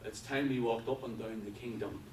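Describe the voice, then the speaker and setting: A man preaching a sermon with fervor, swinging from quiet talk to loud passages. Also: medium pitch, steady tone, a little fast, crowd noise. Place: church hall. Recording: echoey hall from far off with background noise.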